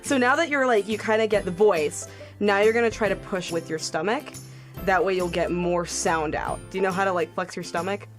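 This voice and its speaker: A woman's voice: mid-range voice, fairly quick, music in the background. A young woman coaching a screaming vocal tutorial, upbeat and encouraging, demonstrating with sighs and growls.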